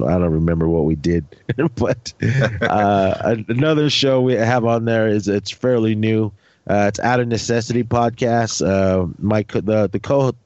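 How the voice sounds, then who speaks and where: A man who is a guest on a podcast, stuffy and slightly hoarse, chatting casually and rambling with lots of fillers. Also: on the low side, darkish tone, no room sound, muffled recording. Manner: rambling, with many fillers and restarts. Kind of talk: casual chat.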